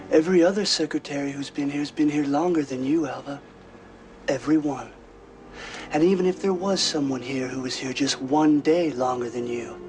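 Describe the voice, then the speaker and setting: An actor performing a petty, pompous office boss who talks down to his secretary in a put-on, pretentious accent that rises high as he mocks her. The voice sits slightly high, and it is a film scene with music running clearly underneath. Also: close to an everyday voice. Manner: pretentious phony accent, taunting. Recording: film clip with music behind.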